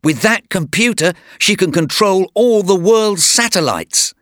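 A man voicing a brave young male hero in a raised, energetic voice. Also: high voice, measured pace, no echo, clean studio sound, voice pushed up. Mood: eager. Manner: energetic, exclaiming delivery.

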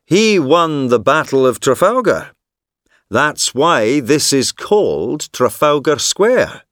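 A man voicing a smooth-talking male con man who is persuasive and sly, confiding and sometimes hushed, in a textbook listening story. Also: on the high side, big pitch swings, takes it slowly, no echo, clean studio sound, voice pushed up, full character voice. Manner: confiding, turns hushed and secretive.

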